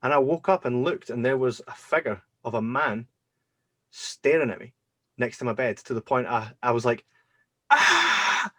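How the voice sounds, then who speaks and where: A man hosting a podcast, telling personal stories in a casual, animated way and acting out his own reactions. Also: mid-range voice, moderate pace, no echo. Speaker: podcast host. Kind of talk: casual storytelling chat.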